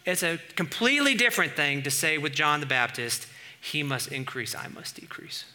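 A middle-aged man preaching a sermon as pastor, animated, swinging from quiet asides to loud bursts. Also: fairly high pitch, normal speed.

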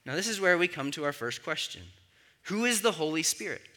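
Bright high-voiced male pastor preaching. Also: expressive, fairly quick. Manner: conversational teaching with frequent "right?" check-ins. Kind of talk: sermon.

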